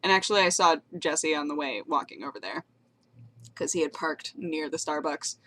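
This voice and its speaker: A woman's voice: sits low, animated, normal speed, bright, forceful tone, a little hiss or hum. A young woman vlogging to her viewers in a bubbly, rambling way, giggling as she tells a story. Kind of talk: casual chat to camera.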